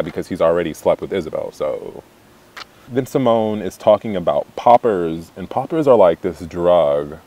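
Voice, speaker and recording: A man's voice: low-pitched, dark tone. A young man recapping a reality show in a chatty, catty way, full of "like" fillers and laughter. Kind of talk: casual gossipy recap.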